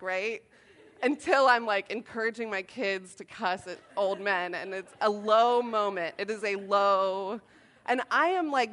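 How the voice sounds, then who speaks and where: A woman in her thirties speaking at a moms' meeting, telling funny, self-deprecating stories in an animated way. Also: fairly high pitch. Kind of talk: humorous talk to a group.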